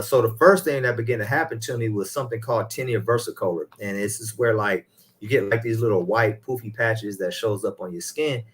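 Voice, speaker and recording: A man's voice: on the low side, a bit bright. A man, an elder of a ministry, talking casually about faith and his own life, rambling and putting in a hallelujah now and then.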